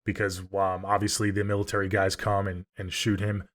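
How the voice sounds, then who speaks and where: A man hosts a casual film podcast and walks through scenes at an easy pace. His voice sits a little low for a man. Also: monotone, normal speed, fairly bright tone. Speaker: podcast host. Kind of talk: casual film review chat.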